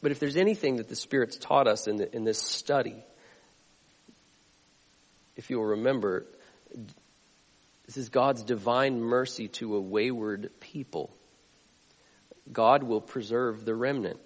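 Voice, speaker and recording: A man preaching a sermon as a pastor, earnest, swinging between loud emphatic lines and quiet ones. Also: medium pitch, unhurried, long pauses, long reverb tail.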